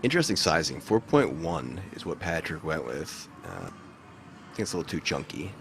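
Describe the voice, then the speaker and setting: Deep, animated male play-by-play caller for live poker, easygoing and jokey. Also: moderate pace, vocal fry, background noise. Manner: relaxed, joking play-by-play. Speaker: poker commentator.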